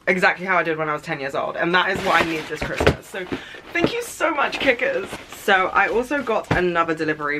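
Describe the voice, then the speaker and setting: A young woman vlogging in a casual, chatty and excitable way, rambling with fillers. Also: on the low side, background noise. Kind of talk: casual vlog chat.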